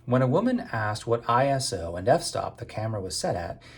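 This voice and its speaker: A man's voice: medium pitch, big pitch swings, fairly quick, breathy edge. A man from Maine giving a casual spoken book review in a conversational, hesitant way.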